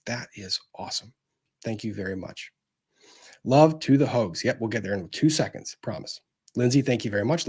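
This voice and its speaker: Lively, husky-voiced man hosting a stream. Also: on the low side, moderate pace. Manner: chatty and upbeat, greets viewers by location. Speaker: livestream host. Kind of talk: casual livestream chat, reading viewer comments.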